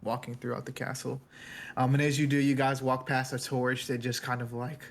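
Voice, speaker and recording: A man's voice: medium pitch, little pitch movement, brisk. A man narrating a tabletop game as game master, casual and meandering.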